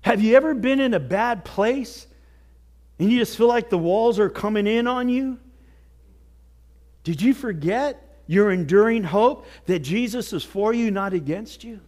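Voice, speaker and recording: A male pastor preaching a sermon with earnest exhortation, dropping to near whispers and rising to shouts. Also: high voice, expressive, measured pace. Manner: swings from hushed to shouting.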